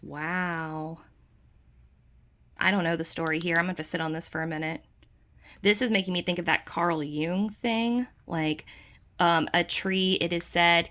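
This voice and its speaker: This woman's voice is on the low side and a bit bright. Flipping casually through a tarot deck, she talks enthusiastically with plenty of fillers, voicing quoted lines in playful dog voices.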